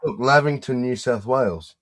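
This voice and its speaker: A man co-hosting a casual reaction chat, sarcastic and quick to swear. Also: mid-range voice, fairly bright tone. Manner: profane, sarcastic banter. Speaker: co-host reacting to video clips.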